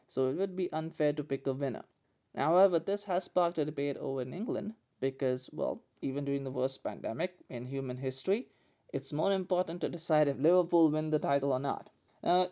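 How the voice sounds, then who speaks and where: A man's voice: medium pitch, darkish tone. A man hosting a comedic podcast, delivering a sarcastic, jokey monologue. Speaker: podcast host.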